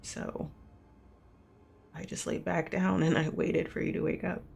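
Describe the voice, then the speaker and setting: Man playing a jumpy roommate in a tabletop game who brushes off fear in a low, rough hush. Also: flat delivery, unhurried, faint music behind. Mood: defensive. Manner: hushed, hesitant, trailing off. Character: uneasy young roommate downplaying fear.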